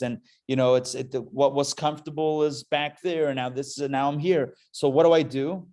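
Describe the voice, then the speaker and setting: Casual, animated man teaching a class. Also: medium pitch, fairly quick, few pauses. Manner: casual, self-interrupting, joking asides; storytelling with emphatic swells. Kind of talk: live Torah class talk.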